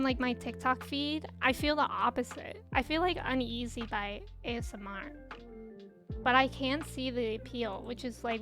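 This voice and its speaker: A woman's voice: high voice, a bit bright. A woman streamer with a slightly nasal voice, chatting casually while she plays a game and reads chat. She is bubbly and chatty and laughs often.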